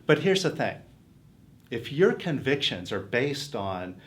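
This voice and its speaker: A man's voice: mid-range voice, big pitch swings, a little slow. Earnest man giving a motivational talk. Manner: earnest, coaxing, rhetorical questions. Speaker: self-help teacher.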